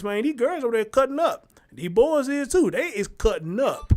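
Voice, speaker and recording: A man hosting his own show, telling stories in a blunt, animated commentary with heavy slang. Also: extremely high pitch, moderate pace, hardly any pauses, slight background noise. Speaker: show host. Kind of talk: casual commentary monologue.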